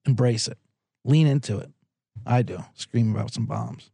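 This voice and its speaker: A man hosting a sports betting podcast alone in a small recording booth, rambling comically, loud and excitable, swinging from shouting to mumbling. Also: medium pitch, normal speed, gravelly, a little hiss or hum. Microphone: studio microphone.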